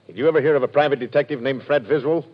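A man's voice: medium pitch, rapid-fire, natural voice. An actor playing a smug, sarcastic male police inspector in a 1940s radio drama, dry and commanding. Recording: dull old radio recording.

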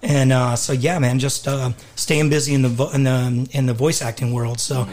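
Raspy-voiced man telling stories. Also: medium pitch, flat delivery, normal speed, a little mellow, slight background noise. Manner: candid, laughs often, uses 'man'. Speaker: guest, voice actor. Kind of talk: casual storytelling in interview. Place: studio.

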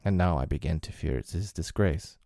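A man's voice: low voice, fairly quick, creaky, dark tone, dry recording, studio quality. A man reading aloud, voicing a reserved, sober lawyer in a storybook reading. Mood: grave, sober.

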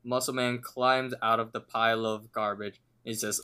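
A man's voice: mid-range voice, flat delivery, normal speed, sharp tone, clear, resonant tone. Man casually recapping a cartoon episode. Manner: retells scenes at length, reading lines out. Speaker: podcast co-host.

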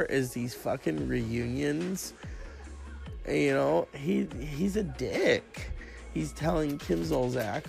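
Hosting a solo talk show, a man sick with a cough rants casually and sarcastically, swearing a lot. His mid-range voice is creaky and a little mellow.

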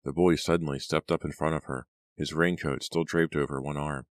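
A man narrating an audiobook in a steady, even reading. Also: rumbling low, a little fast, no echo. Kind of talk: scripted narration.

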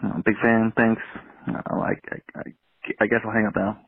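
A man from California leaves a voicemail for a podcast, stumbling and hesitating as he asks his question. His voice sits low and comes through a thin, phone-like line. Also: little pitch movement, normal speed, gravelly, breathy edge, no room sound. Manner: hesitant, stammering. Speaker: caller.

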